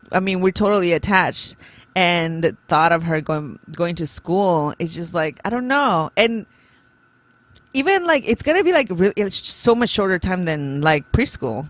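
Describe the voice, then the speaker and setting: This is a woman co-hosting a relaxed talk show, with a lower-set voice and a dry, close sound. She chats freely, laughs often and brings life to her stories. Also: normal speed, no echo. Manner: chatty, laughs often, animated retelling. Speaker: co-host. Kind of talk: casual chat.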